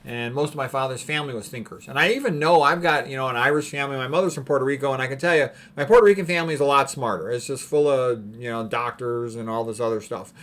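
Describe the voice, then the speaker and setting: Guy talking through paintings, mid-pitched voice, lots of ums and throat clearing, opinionated. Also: quick pace, hardly any pauses, a bit bright. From United States. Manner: rambling, opinionated, frequent throat-clearing and fillers. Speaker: art commentator. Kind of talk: casual commentary on paintings.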